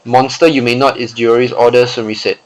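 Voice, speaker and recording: A young man reads a story aloud and stops to pick apart its writing. His voice sits at a middling pitch, and he talks in a loose, chatty way, often repeating and restarting his words mid-sentence. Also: steady tone, quick pace, rough recording. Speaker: writing critic. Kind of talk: casual commentary reading a story aloud.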